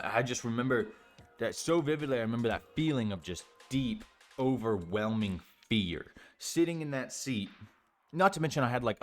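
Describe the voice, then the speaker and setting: A young man telling a story in a casual vlog, rambling with lots of fillers and swearing freely. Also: fairly low pitch. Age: young adult. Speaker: storytime vlogger.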